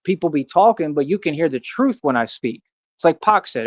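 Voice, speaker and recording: Dressed as Batman, a street performer talks earnestly in a casual vlog monologue, using "man" and "bro" for emphasis. His voice is fairly high, expressive, and brisk, and the recording sounds dry, dull, and lo-fi.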